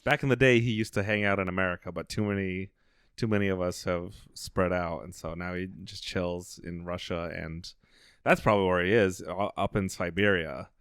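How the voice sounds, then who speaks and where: Man, podcast co-host, laid-back, wry, deep voice, dry sound. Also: fairly even intonation, normal speed, fairly bright tone, clean tone, no room sound. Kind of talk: casual chat.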